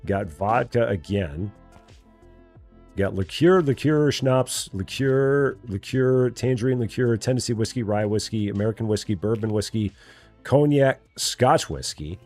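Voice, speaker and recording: A slightly mellow, lowish male voice at normal speed carries this live gameplay commentary, with soft music playing behind. The middle-aged streamer plays a store simulator, musing to himself while shelving stock and chatting with viewers by reading their comments aloud.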